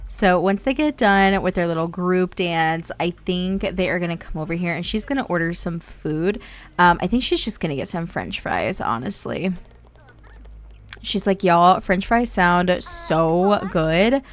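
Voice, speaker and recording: A woman from Indiana giving bubbly, excitable, casual commentary on a life-sim game as the channel's host. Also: on the low side, normal speed.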